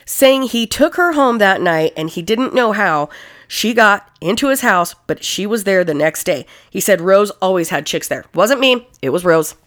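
A woman's voice: mid-range voice, moderate pace. A woman co-hosting a casual true-crime chat, telling the story with lots of swearing and indignant asides. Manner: profane, animated storytelling. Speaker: podcast co-host.

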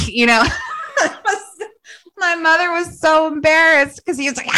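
A woman's voice: sits high, big pitch swings, a little slow, bright, forceful tone, low-quality recording. A middle-aged woman chatting casually as a podcast guest, rambling and self-deprecating, with lots of fillers. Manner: rambling, self-deprecating, filler-heavy storytelling with frequent laughs. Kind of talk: casual chat.

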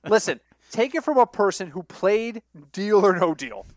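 Animated storytelling man, higher voice. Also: normal speed, no echo. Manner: animated storyteller, acts out quoted voices, laughs often. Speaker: podcast co-host. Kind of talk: casual sports betting chat.

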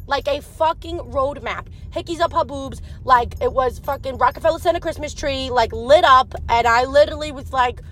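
A young adult woman telling a personal story in a casual, animated way, rambling and swearing often. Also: high voice, normal speed, hardly any pauses, a little hiss or hum.

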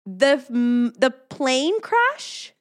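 A woman's voice: high-pitched, big pitch swings, very slow. Gushy podcast lady, voice jumps all over, says literally a lot. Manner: gushing, emphatic, says "literally" often. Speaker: podcast co-host. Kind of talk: casual chat.

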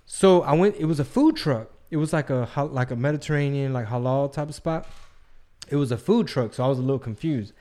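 A man's voice: mid-range voice, fairly quick, mellow. A man co-hosting a casual podcast chat, laid-back and profane, full of joking asides. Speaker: podcast co-host.

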